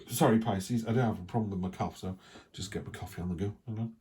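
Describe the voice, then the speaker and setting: English man, middle-aged, lowish voice, chatty tarot reading, coughing. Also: fast, dark tone, slight background noise. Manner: chatty, rambling, with asides. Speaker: tarot reader. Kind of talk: casual weekly tarot reading.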